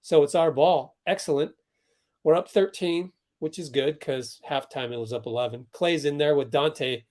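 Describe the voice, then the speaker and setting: A man's voice: a little high, normal speed, darkish tone. A man hosting a livestream, giving casual commentary on a basketball game and talking to chat viewers as plays happen. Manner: chatty, reacts to plays, talks to chat viewers. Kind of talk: casual live commentary for a watch-along stream.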